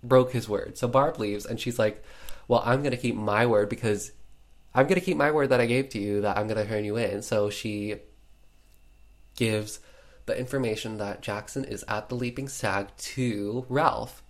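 A man's voice: lowish voice, moderate pace. A man casually retelling a film's plot, chatty and full of fillers, with playful sarcasm. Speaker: podcast host recapping a film. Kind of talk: casual chat.

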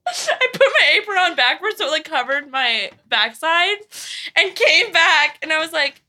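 A young woman telling a story in casual chat, animated and laughing, with lots of "like" and swearing. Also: high voice, moderate pace. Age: young adult. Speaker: podcast co-host.

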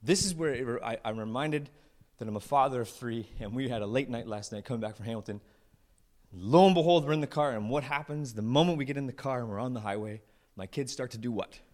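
A male pastor preaching to his church, retelling a story with playful asides and quick voices for the characters. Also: medium pitch, darkish tone. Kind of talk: lively storytelling sermon.

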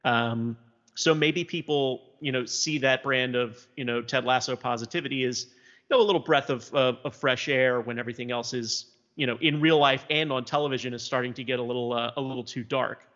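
A man from South Louisiana muses casually about television, circling his points with frequent fillers. His voice sounds bright and forward. The recording is dull and lo-fi, with a long reverb tail. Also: mid-range voice, fairly even intonation, a little fast. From South Louisiana, USA. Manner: thoughtful, hesitant, many fillers.

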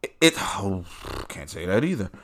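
A man's voice: deep voice, very animated, moderate pace, fairly bright tone. Blunt, heavily swearing New man. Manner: blunt, heated, swears constantly. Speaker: podcast host. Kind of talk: profane ranting commentary.

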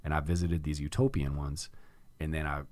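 Very deep-voiced man telling a story. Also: a little fast, no room sound. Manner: animated storytelling, acts out his own past reactions, swears freely. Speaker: podcast host. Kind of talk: casual conversation, telling a personal story.

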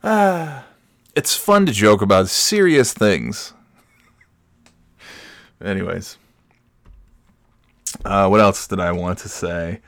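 Low-voiced, rambling podcast host. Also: male voice, lively intonation, takes it slowly, long pauses, no room sound, studio quality. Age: 40s. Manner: rambling, self-amused, chuckles often. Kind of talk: casual storytelling.

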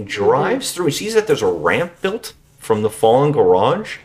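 A man's voice: medium pitch, wildly swooping pitch, unhurried, hardly any pauses. A man co-hosting a podcast, recapping a bad movie in casual, jokey chat with plenty of swearing. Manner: swearing, jokey, acts out scenes in silly voices. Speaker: podcast co-host.

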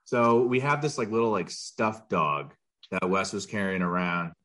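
A young adult man co-hosting a casual podcast, laid-back and quick to laugh. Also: deep voice, pushed and bright. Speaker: podcast co-host.

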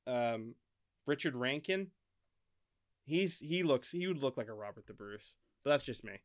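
An American man co-hosting a podcast in casual chat, rambling, thinking out loud and swearing often. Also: medium pitch, animated, moderate pace. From United States. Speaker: podcast co-host.

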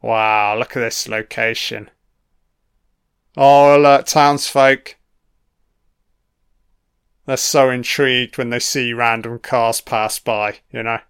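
A man's voice: medium pitch, steady tone, slow pace, pauses often, a bit bright, clean tone. A man giving a casual, sweary and sarcastic commentary on a film.

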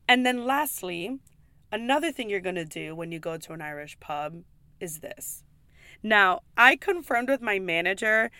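A woman's voice: medium pitch, pushed and bright, clear, resonant tone, no echo. A woman who works as a pub server, giving chatty, emphatic advice in a casual vlog, swearing freely and peppering her talk with "like" and "okay?". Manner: frequent "like" and "okay?" asides.

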